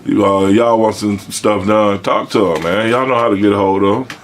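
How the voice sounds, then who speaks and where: A man's voice: lowish voice, fairly even intonation, moderate pace, a little hiss or hum. A man hosting a casual chat in a basement, laid-back and chatty, laughing often. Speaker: host.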